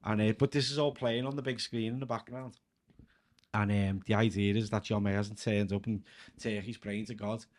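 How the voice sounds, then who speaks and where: Guesting on a podcast, a Liverpool-born comedian with a Scouse accent chats through casual stories in a lowish, steady, slightly mellow voice at normal speed. He often breaks into laughter and keeps saying "like."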